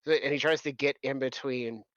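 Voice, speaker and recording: A man's voice: medium pitch, fairly even intonation, brisk, fairly bright tone, no echo, highs cut off. A man narrating a tabletop game as game master, rambling loosely and laughing between restarts.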